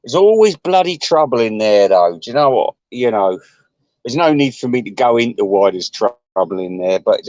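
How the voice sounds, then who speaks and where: A man chatting to his viewers in a rambling, sweary way, chuckling often and jumping his voice up high. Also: lively intonation, moderate pace, a little mellow, dry recording, highs cut off. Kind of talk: casual rambling chat.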